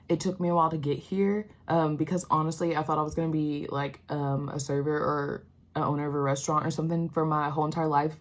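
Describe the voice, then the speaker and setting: A woman's voice: low voice, a little mellow. A young woman talks candidly to her vlog viewers about her healthcare job, with lots of "um" and "like". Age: young adult. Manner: candid, emotional, many fillers like "um" and "like". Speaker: healthcare worker vlogger. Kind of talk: casual vlog talk to camera.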